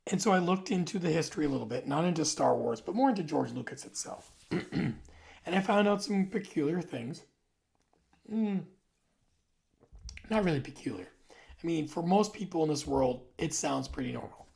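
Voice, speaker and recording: A man in his forties talking casually to camera, rambling and conversational, sometimes dropping into soft asides. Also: on the high side, gravelly. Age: 40s. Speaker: video host. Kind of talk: casual monologue.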